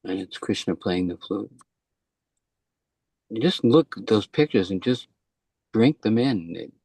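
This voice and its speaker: A man giving a soft, meditative devotional talk. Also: fairly low pitch, expressive, slow pace, creaky, husky, no echo. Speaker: speaker in class.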